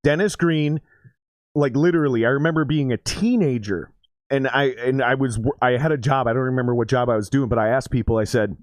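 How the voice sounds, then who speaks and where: Man, 40s, live-stream sports commentator, excitable and profane, mid-pitched, dry close recording. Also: brisk, no echo. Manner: profane, excitable, chatty with his viewers. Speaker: streamer commenting on a football game.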